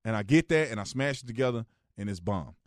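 A man hosting a radio talk show, giving casual joking opinion commentary, jumping between loud outbursts and low, quiet asides. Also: animated, fast, no echo, clean studio sound.

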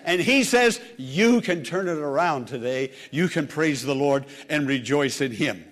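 A man's voice: mid-range voice, unhurried. A male pastor preaching an emphatic sermon to a congregation, repeating phrases for emphasis. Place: church service with congregation.

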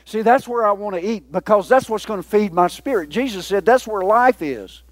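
A man's voice: sits high, normal speed, no echo. A man preaching a sermon as a pastor, folksy and joking with the congregation.

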